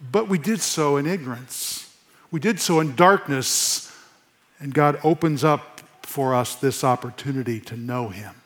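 A man preaching a sermon to his congregation in church, earnest, repeating phrases for emphasis and dropping to a soft hush. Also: mid-range voice, measured pace. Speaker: pastor.

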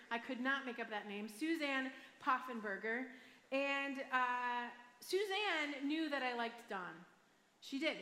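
A woman pastor with a Michigan accent delivers her sermon in a chatty, self-deprecating storytelling manner. Her voice is bright and sits a little high. It rings through a large hall with a long, roomy reverb.

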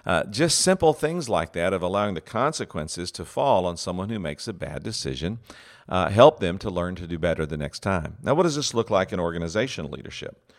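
A man's voice: low-pitched, sing-song, a little fast. A man giving a teaching talk on leadership, earnest and full of fillers and restarts, acting out example phrases.

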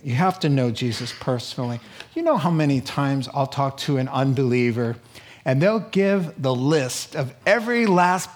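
A male pastor preaching a sermon, lively, with small chuckles as he acts out quoted voices. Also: mid-range voice.

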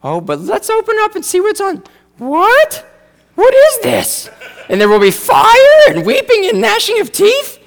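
A shrill North Dakota relative. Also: male voice, wildly swooping pitch, measured pace, creaky, long reverb tail, exaggerated voice. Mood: shocked. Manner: squealing, aghast. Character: shrill startled relative opening a card.

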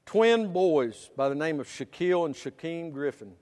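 A middle-aged pastor preaching with a high, ringing voice. He climbs into loud, drawn-out preaching and drops back to quiet, plain storytelling. The sound carries the long reverb of a church hall. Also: animated. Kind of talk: sermon.

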